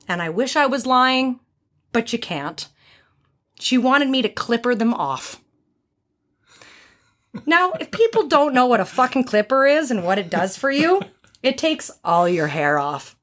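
Blunt, animated woman telling a story. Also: fairly high pitch. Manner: animated, blunt, swears freely. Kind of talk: casual podcast storytelling.

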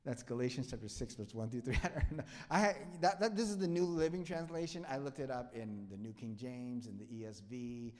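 Young male preacher, self-mocking and playful, mid-pitch voice, long hall reverb. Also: fairly quick, few pauses. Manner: playful and self-mocking, jumps from quiet asides to loud emphatic bursts. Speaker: pastor. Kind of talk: sermon.

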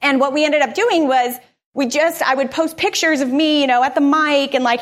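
Woman, fairly high voice, energetic, candid, chatty conference speaker. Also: moderate pace. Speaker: podcaster giving a conference presentation. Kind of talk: live conference talk.

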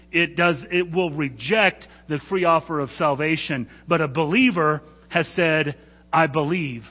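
A man preaching to his congregation in an earnest, urging way, now and then tripping over a word and correcting himself. His voice sits a little high. The sound is dull and rings with the long reverb of a church hall. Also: moderate pace. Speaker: pastor. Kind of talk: sermon.

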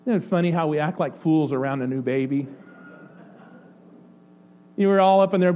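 A male pastor preaching a sermon, swinging between excited outbursts and soft, hushed passages. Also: a little high, normal speed, pauses often, highs cut off. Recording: faint mains hum. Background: faint electrical hum.

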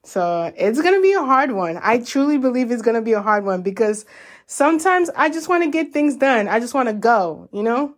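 A woman hosting a self-help podcast, talking in a gentle, encouraging way and calling her listeners y'all. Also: on the high side, very animated, a little fast. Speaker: podcast host. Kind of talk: reflective self-help talk.

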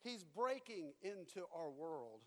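A man's voice: a little high, very animated, takes it slowly, big-room sound. A man preaching a sermon as pastor, emphatic and repetitive, moving into storytelling. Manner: emphatic preaching with repeated phrases, dropping to storytelling.

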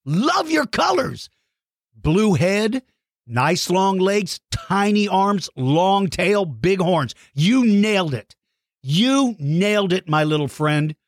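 A male podcast host who reads children's shout-outs with a lively, bouncing pitch. His voice is fairly high for a man, and he cheers the kids' drawings on in a playful, encouraging way. The sound is dry and close, with no room echo. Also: takes it slowly. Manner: warm, playful praise for kids' artwork. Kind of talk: reading listener shout-outs.

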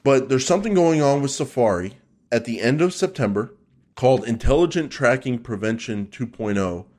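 A man's voice: medium pitch, animated, normal speed, a little mellow. A man hosting a podcast in a loose, casual chat. His voice sits in an ordinary middle register. He talks in a joking, teasing way, ribbing his co-host between points.

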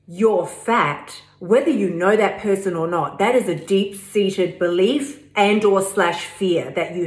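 A woman's voice: mid-range voice, a bit bright. Chatty woman podcast host. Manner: chatty, emphatic, playful asides. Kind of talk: casual motivational podcast talk. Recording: roomy sound with faint music.

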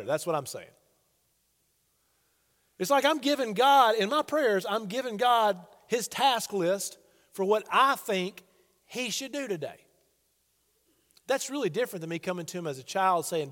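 A male pastor delivers a sermon in a plainspoken, earnest way, addressing his congregation directly with questions. His voice sits high for a man. A long reverb hangs in the large hall around him. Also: animated, unhurried, pauses often, fairly bright tone. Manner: earnest, conversational preaching with rhetorical questions.

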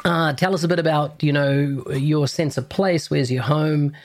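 A man with a New Zealand accent hosting a podcast interview, chatting in a relaxed, rambling way. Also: fairly high pitch, normal speed. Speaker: podcast host. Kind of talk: casual interview chat.

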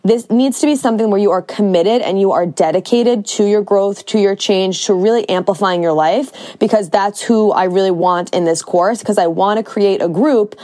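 A woman's voice: mid-range voice, normal speed, few pauses, warm tone. A woman in her thirties hosting a casual podcast monologue, talking bluntly and emphatically, with casual swearing. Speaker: podcast host and course coach.

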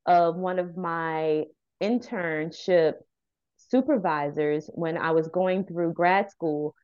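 A woman in her thirties, a therapist who founded a youth center, shares a heartfelt personal story in an interview. She speaks slowly in a smooth, fairly low voice, earnestly and animatedly acting out quoted dialogue, and the audio sounds dull.

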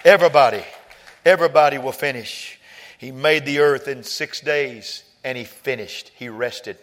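A pastor preaching a sermon, telling personal stories quietly and then rising to shouted climaxes. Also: male voice, mid-range voice, slow pace. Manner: swings from soft storytelling to loud shouted peaks.

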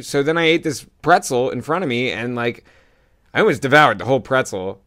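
A young man co-hosting a casual chat, rambling through animated stories with swearing. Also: medium pitch, fairly quick. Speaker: podcast co-host.

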